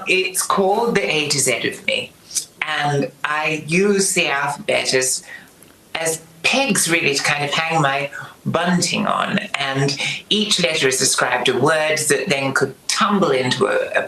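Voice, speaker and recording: Appearing as a TV guest over a remote link, a British man relishes ornate words in a theatrical manner. His voice is fairly high, creaky, and sharp-toned, and the rough recording carries a room echo.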